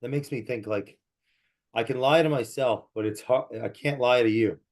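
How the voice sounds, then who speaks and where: A man hosting a podcast, relaxed and jokey, asking his guest questions in casual chat. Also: mid-range voice, moderate pace. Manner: relaxed, jokey, laughs easily. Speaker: podcast host.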